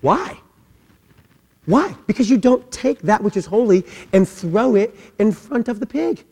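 Male pastor, animated and playful preaching, fairly high voice, recorded in a big echoing sanctuary. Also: unhurried. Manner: animated, humorous, acts out voices. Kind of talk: sermon. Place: church sanctuary. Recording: long hall reverb.

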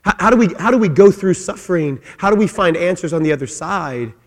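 A man preaching a sermon as pastor, emphatic, repeating his phrases and swinging between loud and soft. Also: high-pitched, lively intonation, brisk. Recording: long hall reverb.

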